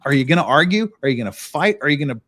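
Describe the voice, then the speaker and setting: A man's voice: fairly high pitch, expressive, very fast, fairly bright tone. A middle-aged man from the United States who hosts a casual chat, talking bluntly with plenty of swearing and acting out other people's rants. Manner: blunt and profane, acts out quoted rants. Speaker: podcast host.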